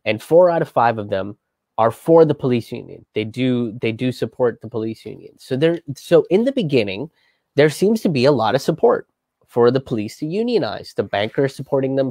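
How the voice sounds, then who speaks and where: A man's voice: mid-range voice, mellow, no room sound. A man hosting a live history show, telling the story casually with many fillers, restarts and acted-out quotes. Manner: loose, chatty, many fillers and restarts, swears, acts out quotes. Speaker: host of a history and politics show.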